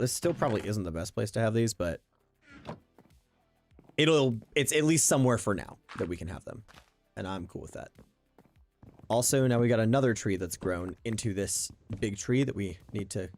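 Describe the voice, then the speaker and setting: A man's voice: mid-range voice, gravelly, darkish tone. Easygoing man thinking aloud while playing. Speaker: streamer. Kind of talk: casual gameplay commentary. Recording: faint background game music.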